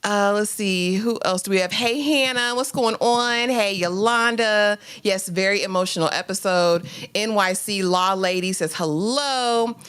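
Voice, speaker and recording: Animated woman greeting a live-stream chat. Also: mid-range voice, measured pace, smooth. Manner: greets chat viewers by name, animated and emphatic. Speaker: co-host of a live TV recap stream.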